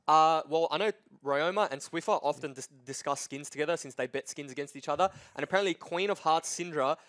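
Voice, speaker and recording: Man, esports analyst, chatty, playful, somewhat high voice. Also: brisk, a bit bright, no echo. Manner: explains in long run-on thoughts, playful. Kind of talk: casual analysis chat.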